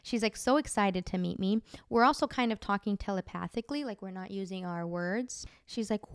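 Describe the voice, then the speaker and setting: Chatty woman with a gravelly edge. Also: mid-range voice, normal speed, few pauses, no echo, clean studio sound. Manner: chatty, many "like" fillers. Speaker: podcast host. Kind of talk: casual storytelling.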